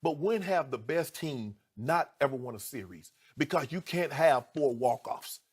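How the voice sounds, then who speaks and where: Animated and breathy, a middle-aged man who commentates on sports for television debates with real heat. Indignant and emphatic, he alternates between low, deliberate speech and a raised voice stacked with rhetorical questions.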